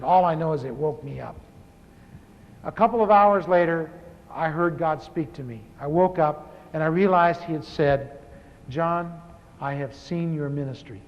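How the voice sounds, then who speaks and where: A pastor in his fifties tells his own testimony with humor, talking like he's chatting with friends and often restarting his sentences. His voice sits high for a man. It rings through a large hall on a dull, lo-fi tape. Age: 50s. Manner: conversational storytelling with restarts.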